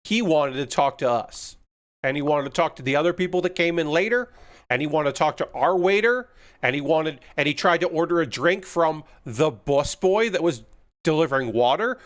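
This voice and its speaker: On his live stream, a man with a slightly high, fairly bright voice wanders through casual stories, leaning heavily on fillers like "um" and "uh."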